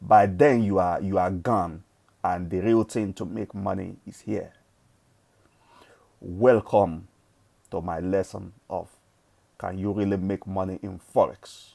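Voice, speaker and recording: Nigerian male vlogger, fairly low warm voice, emphatic motivational preaching, casual swearing. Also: fairly even intonation, takes it slowly, creaky, pauses often. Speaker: forex trading vlogger. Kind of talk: motivational monologue.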